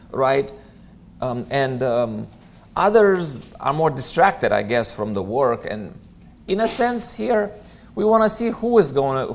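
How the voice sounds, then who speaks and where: Casual, chatty male Bible teacher. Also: a little high. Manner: conversational, many ums, chatty asides. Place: church room.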